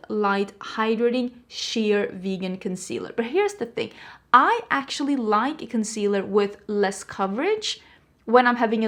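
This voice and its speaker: A woman vlogger chatting casually about products, rambling with frank opinions, her voice a little stuffy from allergies. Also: on the high side. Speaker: beauty vlogger. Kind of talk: casual product review chat. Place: indoors at home.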